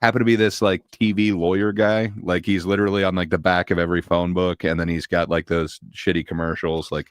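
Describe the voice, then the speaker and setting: A man with a very low voice chats on a podcast, wandering through his memories with lots of fillers. His delivery is easygoing and unhurried. The recording is dry and close. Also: clean tone, dry recording. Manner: relaxed, rambling, many fillers and asides. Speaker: podcast co-host. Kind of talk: casual chat.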